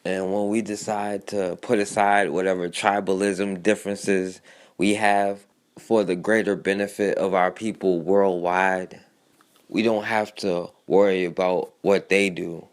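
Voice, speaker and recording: A man's voice: low-pitched, level tone, measured pace. A man hosting a talk radio show, giving earnest commentary to his listeners.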